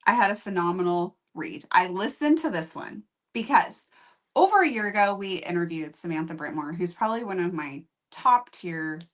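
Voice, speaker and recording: A woman talks through her recent reads in a loose, rambling way, honest about what she didn't like. Her voice sits on the low side. It is relaxed, unscripted chat between co-hosts. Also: normal speed. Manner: chatty, rambling, candid. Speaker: book review host. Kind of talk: casual chat.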